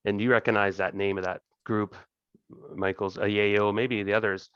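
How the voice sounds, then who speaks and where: A man with a lowish voice narrates a tabletop session as game master, describing scenes and breaking in with fillers and chuckles. The recording is dry, with no room sound, and dull, like a cheap home mic. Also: flat delivery, normal speed, a bit bright, clear, resonant tone, dry recording.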